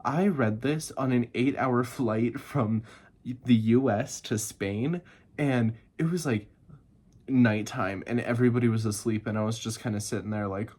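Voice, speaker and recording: A man chatting casually about books he loved, gushing and excitable, laughing and swearing a lot, and a bit tired. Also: medium pitch, measured pace. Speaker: book reviewer. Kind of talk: casual chat.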